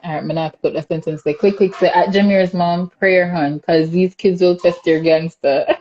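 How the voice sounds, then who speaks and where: Chatty Jamaican woman, mellow voice. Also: fairly low pitch, a little fast, muffled recording. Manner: laughs often, animated and chatty. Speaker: podcast host. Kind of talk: casual chat reading comments.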